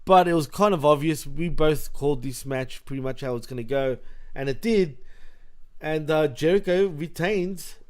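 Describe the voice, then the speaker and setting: A man's voice: on the high side, moderate pace. A man co-hosting a wrestling podcast, blunt and profane, reading out match results between opinions. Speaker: podcast co-host. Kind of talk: casual wrestling recap chat.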